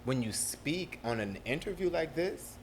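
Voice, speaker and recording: A young man with a South Carolina accent, a producer talking as an interview guest in a lively, laughing way. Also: on the high side, measured pace, slight background noise. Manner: animated, laughing storyteller. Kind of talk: casual interview talk.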